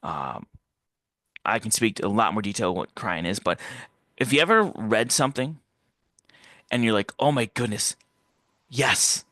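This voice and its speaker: Male interview guest with a bright, forceful voice on a dry close mic; rambles through his story and acts out the voices he quotes. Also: fairly low pitch, sing-song, normal speed, pauses often, dry recording. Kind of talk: casual personal storytelling.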